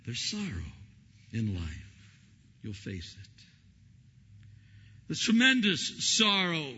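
A man preaching a sermon as pastor, telling stories and acting out the quotes with lively energy. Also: fairly high pitch, slow, slight background noise. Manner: animated storytelling, acting out quotes. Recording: lo-fi recording in a reverberant hall.

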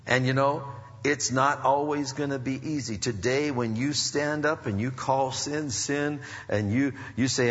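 A man's voice: steady tone, measured pace. Preaching man in an echoing hall. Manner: swings from soft and low to loud, high emphatic preaching. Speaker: pastor. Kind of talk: sermon. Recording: muffled recording in a reverberant hall.

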